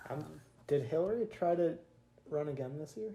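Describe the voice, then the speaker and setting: A woman's voice: low voice, animated, normal speed, mellow. A woman hosting a casual political podcast chat, hesitant and restarting her sentences, laughing often. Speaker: podcast host.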